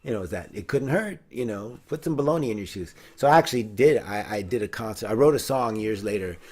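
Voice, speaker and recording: Talking fast in a lowish voice, a middle-aged male host rambles through a casual conversation. He is warm-hearted, leans on fillers and restarts, and occasionally bursts into singing.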